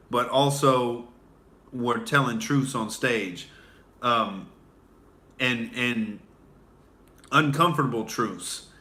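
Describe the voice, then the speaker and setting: A man in his late twenties or thirties, a comedian hosting a livestream, telling crude, animated stand-up stories. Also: medium pitch. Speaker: comedian, show host. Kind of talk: loose stand-up storytelling on a livestream.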